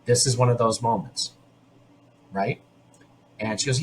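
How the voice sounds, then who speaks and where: A man hosting a podcast, recapping an episode in casual, opinionated chat full of quick restarts. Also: mid-range voice, a little hiss or hum. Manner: chatty and opinionated, talking in quick bursts with restarts. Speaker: podcast host.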